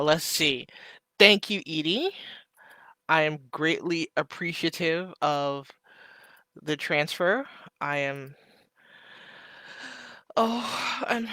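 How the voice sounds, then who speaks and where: A man hosting a casual live stream, chatting with viewers and tossing in joking asides. His voice is bright and a touch high for a man, and he takes his time. The sound is dry and close, with almost no room echo. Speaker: live stream host reading chat.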